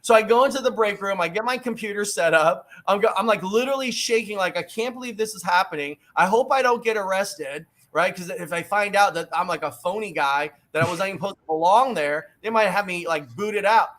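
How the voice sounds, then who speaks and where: A man's voice: high voice, a little fast, few pauses, fairly bright tone. A middle-aged man on a video call, telling a story animatedly and with emphasis, acting out the voices he quotes. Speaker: book author guest.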